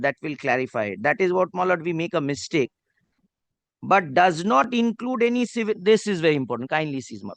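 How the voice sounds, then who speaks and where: A man's voice: sits high, creaky, no room sound. A man with a Bengali-accented Indian English voice arguing a case before a judge, deferentially reading clauses aloud. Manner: deferential, says "my lord" constantly, reads clauses aloud. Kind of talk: courtroom legal argument. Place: courtroom.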